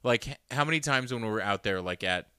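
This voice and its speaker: A man co-hosting a casual podcast, laughing along and getting animated when he makes his point. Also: mid-range voice, a little fast, smooth, dry recording, clean studio sound. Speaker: podcast co-host. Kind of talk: casual recap chat.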